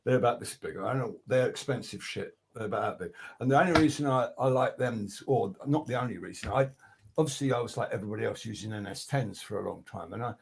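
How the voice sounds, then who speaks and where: An older man who works as a record producer appears as a guest on a video call, rambling through studio stories in a casual, profane way for a storytelling interview. He restarts often and quotes people with animation. His voice is on the low side, fast, and carries vocal fry.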